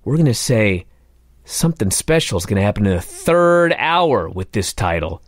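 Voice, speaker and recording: A man's voice: fairly low pitch, sing-song, normal speed, dry recording, studio quality. A man hosting a talk radio show, ranting in a fired-up, exasperated way.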